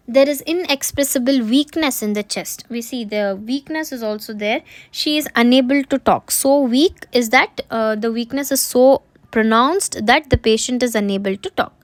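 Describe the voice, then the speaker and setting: High-voiced woman giving a lecture. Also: no echo. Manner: repeats points, asks and answers own questions. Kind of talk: medical lecture.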